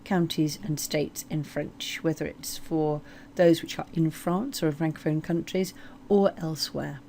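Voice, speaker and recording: Woman teaching French slowly. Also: low voice, steady tone, dark tone, slight background noise. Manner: slow, deliberate modeling of French words. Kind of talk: explanatory language lesson.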